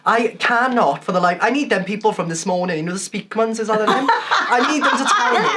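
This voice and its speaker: A woman's voice: mid-range voice, very noisy. A woman telling stories in a casual chat, laughing often and swearing freely. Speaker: panel member.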